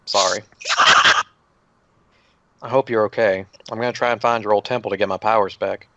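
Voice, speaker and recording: A man's voice: fairly low pitch, steady tone, normal speed, pushed and bright, dry recording. A man reading as a remorseful young son. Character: remorseful young man messaging his mother.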